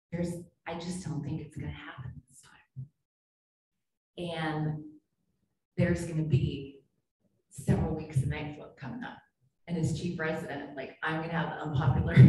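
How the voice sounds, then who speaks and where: A woman psychiatrist gives a keynote in a low, mellow voice, chatty and self-deprecating as she tells stories. She is picked up from a distance in a very echoey hall with a faint hiss underneath. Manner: conversational, anecdotal, self-deprecating. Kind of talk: conference keynote talk.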